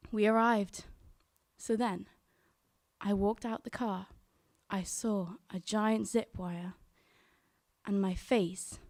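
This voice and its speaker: A woman's voice: mid-range voice, darkish tone, no echo, clean studio sound. A young woman telling a true story to a live audience, earnestly voicing her own thoughts. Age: young adult.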